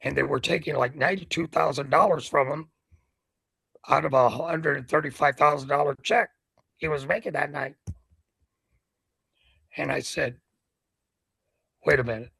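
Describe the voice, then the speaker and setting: An older man from Cuba, a ring announcer, telling animated anecdotes in an interview. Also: a little high, moderate pace, gravelly, pauses often, husky, dry recording. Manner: animated anecdotes with acted quotes. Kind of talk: storytelling in an interview.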